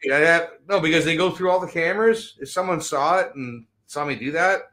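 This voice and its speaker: A man co-hosting a podcast in casual chat, excitable and profane, often stammering. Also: on the high side, fairly quick. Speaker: podcast co-host.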